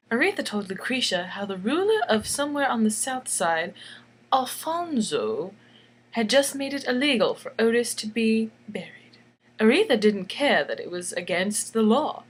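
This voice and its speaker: A woman's voice: on the high side, slight background noise. Woman reading a jokey bedtime story. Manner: jokey, chatty asides, laughs at own jokes. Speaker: author reading her own picture book.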